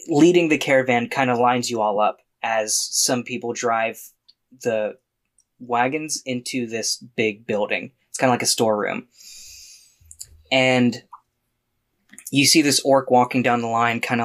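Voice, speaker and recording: A man's voice: mid-range voice, fairly bright tone. A man narrating as dungeon master, setting scenes in a loose, playful way. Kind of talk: narrating a tabletop game.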